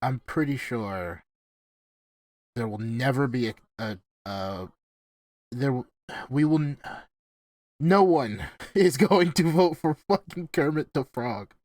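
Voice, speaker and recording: A man hosting a casual podcast chat, talking excitably, swearing freely and laughing often. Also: medium pitch, slow, pauses often, no room sound. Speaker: podcast host. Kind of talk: casual gaming-friends chat.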